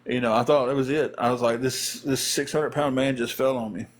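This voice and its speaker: A man's voice: medium pitch, steady tone, a little fast. A man, a former pro wrestler, casually telling a story on a live stream, acting out the voices of the people in it.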